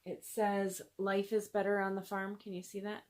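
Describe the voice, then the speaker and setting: A woman hosting a cross-stitch video, chatting casually and gushing over gifts, with lots of fillers and soft asides. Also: medium pitch, completely flat delivery, moderate pace. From American Midwest. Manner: gushing, chatty, many fillers, drops to near-whispers. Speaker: Flosstube host showing gifts. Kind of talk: casual chat to camera.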